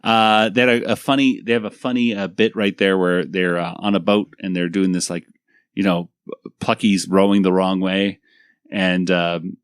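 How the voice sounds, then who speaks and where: A man hosting a cartoon review podcast, talking in a low voice with lots of ums and asides. The sound is close and dry, with no room echo. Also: level tone, moderate pace, smooth. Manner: rambling, many fillers, laughs easily. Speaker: podcast host. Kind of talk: casual episode review chat.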